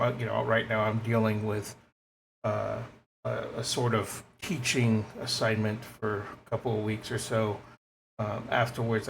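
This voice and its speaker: A man playing an earnest adventurer, halting and gravelly. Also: fairly low pitch, a little hiss or hum. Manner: halting, full of fillers and restarts. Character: earnest young adventurer reassuring a creature.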